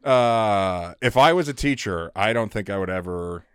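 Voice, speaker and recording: Jokey lowish-voiced male co-host. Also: expressive, moderate pace, fairly bright tone, clear, resonant tone, dry recording, clean studio sound. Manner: jokey, swears casually. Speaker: podcast co-host. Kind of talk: casual chat.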